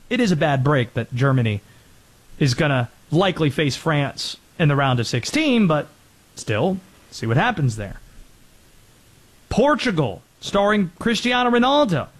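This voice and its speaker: Male sports host, high and animated, energetic commentary. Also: a little slow.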